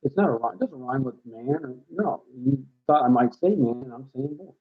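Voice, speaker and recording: A man's voice: mid-range voice, normal speed. A middle-aged man hosting a live stream, rambling and thinking aloud as he works out rhymes, often mumbling asides. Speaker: host writing rhymes live. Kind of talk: casual live-stream chat. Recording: husky voice on a tinny phone-like line.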